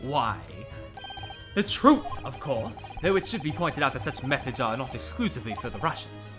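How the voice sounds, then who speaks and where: Streamer voicing a showy self-important detective, lively swoops, game music behind. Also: medium pitch, normal speed, close to an everyday voice. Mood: grandiose. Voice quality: pompous, theatrical. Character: pompous boastful male great detective.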